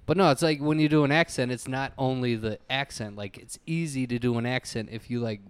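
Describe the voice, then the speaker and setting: A man co-hosting a casual podcast chat, animated, dropping into quick impressions. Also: mid-range voice, clear, resonant tone, no room sound. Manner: animated, jumps into short impressions. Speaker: podcast co-host.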